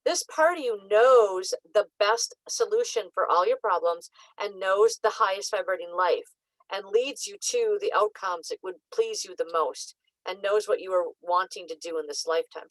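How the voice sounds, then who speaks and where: Woman, psychic coach, casual talk to camera; mid pitch, chatty with fillers, dry close recording. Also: no echo, rough recording. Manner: chatty, fillers like "like" and "um", lively acted-out asides. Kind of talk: casual spoken teaching to camera.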